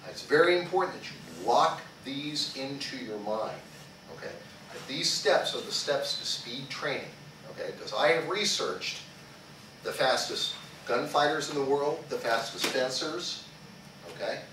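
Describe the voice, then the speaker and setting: A man's voice: mid-range voice, expressive, measured pace, bright, forceful tone, distant mic. A male martial arts instructor teaching a small class, checking in with "okay?" after nearly every sentence, asking the group questions and leading them in chants. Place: karate school training hall. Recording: echoey hall recorded from afar with background noise.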